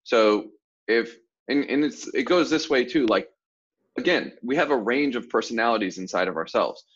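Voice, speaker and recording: A man's voice: medium pitch, animated, moderate pace, slightly rough, lo-fi sound. A man from the southern United States, a sales coach, explaining ideas casually with examples on a group coaching call.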